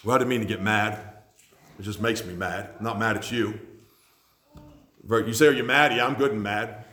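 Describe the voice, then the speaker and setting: A man preaching a sermon, impassioned, swinging from loud declarations to hushed lines. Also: lowish voice, steady tone, moderate pace, long pauses. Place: church sanctuary. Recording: echoey church hall.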